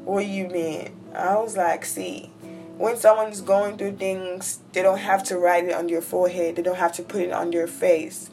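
A woman's voice: on the low side, flat delivery, moderate pace, darkish tone. A woman podcast host telling a personal story in a candid, conversational way, talking straight to her listeners. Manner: candid, conversational, addresses listeners as "y'all" and "bro". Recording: faint guitar music behind.

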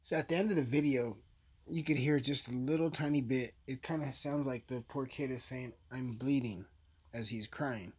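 A man's voice: mid-range voice, normal speed, a little hiss or hum. A man giving a casual, blunt, profane recap of a crime case, rambling as he goes. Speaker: true-crime commentator.

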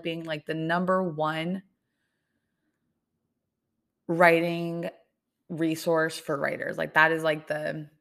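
Young female podcast host, lowish voice with some fry, chatty and full of fillers. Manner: rambling, many "like" fillers. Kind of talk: casual solo podcast chat.

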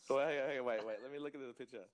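A man's voice: medium pitch, fairly even intonation, rapid-fire, crowd noise. A man co-hosting a podcast, joking around in casual chat and often cutting in with questions and laughs. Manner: interrupting, playful, laughs often. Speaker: podcast co-host.

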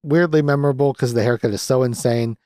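A man's voice: medium pitch, fast talker, a little mellow, no echo, clean studio sound. A young man hosting a podcast, recapping a film in a casual, sardonic way, swearing freely with lots of fillers. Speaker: podcast host reviewing a movie.

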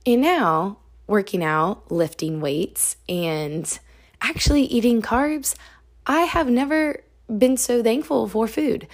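A young woman hosting a podcast, telling a candid personal story in a reflective way, with soft laughs now and then. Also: lowish voice. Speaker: podcast host.

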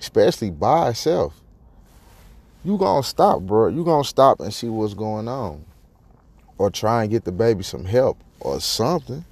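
A man's voice: lowish voice, sing-song, moderate pace, darkish tone, slightly rough, no room sound. A young man hosting a podcast, ranting bluntly and incredulously in heavy slang with lots of profanity. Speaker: podcast host. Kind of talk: profane casual commentary.

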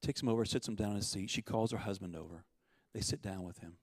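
A man preaching, telling a parable and acting out the quotes, with swings between loud urgency and hushed softness. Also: on the low side, fast, no room sound, big-room sound. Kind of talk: sermon storytelling.

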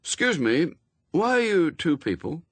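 A man's voice: on the high side, big pitch swings, a little slow, a bit bright, slightly rough, no room sound, voice pushed up, full character voice. A man reading a storybook, voicing a blunt, matter-of-fact boy. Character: plain-spoken boy.

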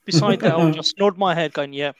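A man's voice: a little high, fast talker, dry recording. A British man chatting casually about a film, explaining with asides and restarts. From Britain.

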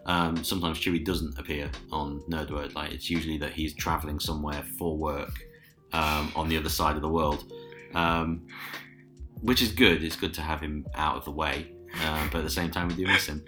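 A young man co-hosting a podcast, chatting casually and relaxed, with lots of hesitant ums. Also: extremely low pitch, normal speed, faint music behind. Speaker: podcast co-host. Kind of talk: casual chat.

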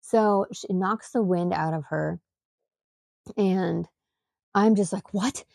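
A woman's voice: on the low side, slow, creaky, warm tone, no room sound, clean studio sound. A woman and mother hosting a podcast, telling a story in a rambling, emphatic way, full of fillers and restarts. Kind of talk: casual storytelling.

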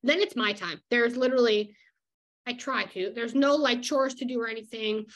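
Her voice sits a little high and a bit bright, at a normal speed, as this young illustrator casually vlogs about her day-to-day routine, laughing easily and saying "like" a lot.

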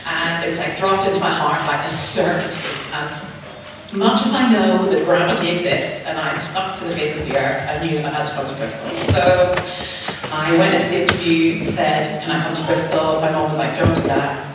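A woman's voice: sits low, normal speed, noisy background. A woman giving a chatty personal testimony as a preacher, telling her story and acting out the voices of others. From Northern Ireland. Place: church hall. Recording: echoey hall, mic far off.

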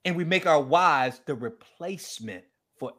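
A man speaking as a guest, telling a story in a lively, preacher-like way and acting out the quoted dialogue. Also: fairly high pitch, moderate pace, crowd noise. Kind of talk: animated storytelling talk.

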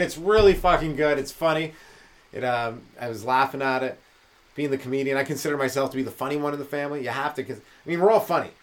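Rambling man, stand-up comic. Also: medium pitch. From Canada. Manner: rambling, animated, jumps into loud voices for quoted people. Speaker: podcast host, stand-up comedian. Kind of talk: solo comedy podcast monologue.

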